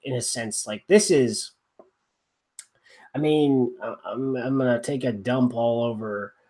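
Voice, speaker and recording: A man's voice: mid-range voice, a little slow, mellow. A man co-hosting a rugby podcast, casual and rambling, joking with plenty of fillers and restarts. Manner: wry, joking. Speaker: podcast co-host.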